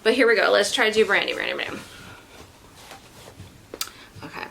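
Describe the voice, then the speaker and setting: A woman chatting casually in a vlog. She rambles, laughs easily and stays animated. Her voice is bright and clear. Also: mid-range voice, moderate pace, a little hiss or hum, poor audio. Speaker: vlogger. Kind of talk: casual chat.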